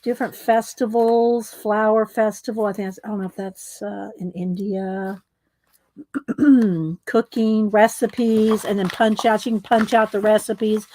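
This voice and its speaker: A woman's voice: medium pitch, flat delivery, measured pace, darkish tone, dry recording. A middle-aged woman chatting casually while showing her craft supplies, rambling with asides and fillers. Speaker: craft vlogger. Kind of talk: casual craft show-and-tell.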